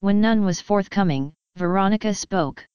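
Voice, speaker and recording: A woman narrating a story in an even, steady way. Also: mid-range voice, moderate pace, smooth, dry recording, highs cut off. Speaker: story reader. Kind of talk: scripted narration.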